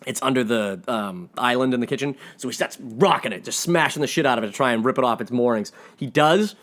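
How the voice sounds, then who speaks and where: Excitable man recapping a movie. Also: medium pitch, fast. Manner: enthusiastic, rambling, many restarts. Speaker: movie reviewer. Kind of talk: casual spoiler recap.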